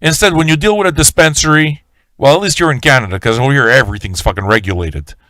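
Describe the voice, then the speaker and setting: A man's voice: medium pitch, fast, fairly bright tone, no echo. A man hosting a live-stream radio show, ranting in a swaggering, profane way and talking straight to his viewers. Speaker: livestream radio host.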